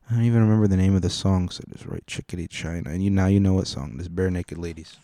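A man's voice: low voice, fast, hardly any pauses, dark tone, no echo, clean studio sound. A man hosting a podcast, talking offhand and casually, swearing and trailing off. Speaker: podcast host. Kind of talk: casual chat.

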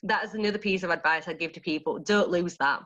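A woman with a Yorkshire accent, a dance studio owner giving gushing, animated interview answers and laughing easily. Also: on the low side, fast talker, muffled recording.

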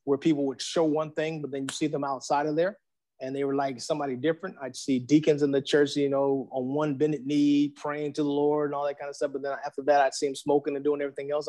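A man in his forties sharing his faith testimony as a podcast guest, in a slangy, animated storytelling manner that acts out the voices he quotes. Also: mid-range voice.

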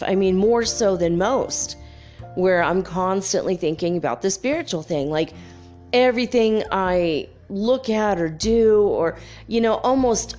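A woman's voice: lowish voice, a little mellow. A woman from California hosting a podcast, rambling casually with many fillers. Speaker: podcast host. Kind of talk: casual spiritual podcast monologue.

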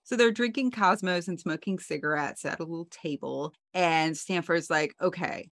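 A woman's voice: on the low side, moderate pace, fairly bright tone, dry recording. A woman co-hosting a podcast, casually recapping a TV episode in a chatty storytelling way with wry asides. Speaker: podcast co-host.

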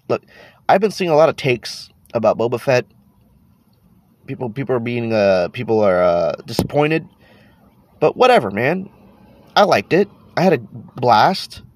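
A man's voice: mid-range voice, darkish tone, no echo. A man hosting a casual podcast, talking with a stuffy nose from allergies, tired, rambling and swearing as he trails off. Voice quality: congested, nasal. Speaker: podcast host.

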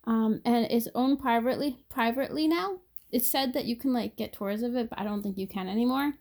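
A woman co-hosting a casual history podcast, relaxed and filler-heavy as she recounts research. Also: fairly high pitch, fairly quick. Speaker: podcast co-host.

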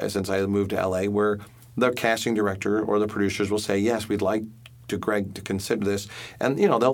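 A man, a stage actor, telling a story in a casual interview, halting with many restarts, then speaking in animated bursts. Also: lowish voice.

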